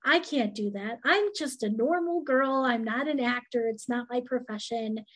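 A woman podcast host with a soft, soothing voice who speaks hesitantly and uses many fillers. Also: a little high, moderate pace. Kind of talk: podcast interview conversation.

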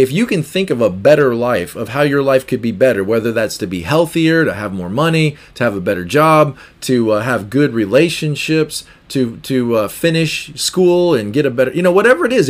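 A man hosting a self-help podcast, talking through ideas as he thinks, with frequent restarts and rhetorical questions. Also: mid-range voice. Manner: thinks aloud, repeats words, asks rhetorical questions. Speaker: podcast host. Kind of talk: reflective self-help talk.

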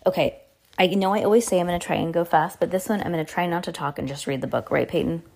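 A woman's voice: fairly low pitch, fast talker, creaky, a little mellow, faint music behind. Casual woman reading a children's book aloud. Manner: reads plainly with small slips and self-corrections.

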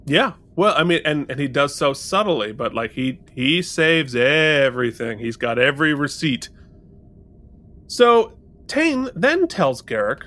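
A man with a fairly high voice co-hosts a podcast, speaking unhurriedly as he casually recaps and reviews a TV episode. He's animated, quoting lines from scenes as he goes.

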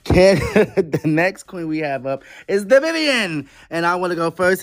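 A man's voice: high voice, very animated, measured pace, few pauses, slight background noise. Playful man hosting a podcast segment. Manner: playful, bawdy, runs the segment. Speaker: podcast co-host. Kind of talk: casual reality-show recap chat.

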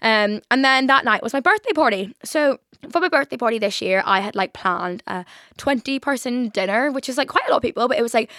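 Fast-talking young Irish woman podcaster. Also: a little high, animated, a bit bright, dry recording, studio quality. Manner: rambling, lots of "like", swears freely. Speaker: podcast host. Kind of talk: casual chat.

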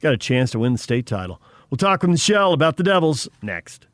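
A man's voice: medium pitch, no echo, clean studio sound. A man co-hosting a morning sports radio show, who reads out listener messages and promotes upcoming segments in a joking, bantering way. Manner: lively, joking, quick banter.

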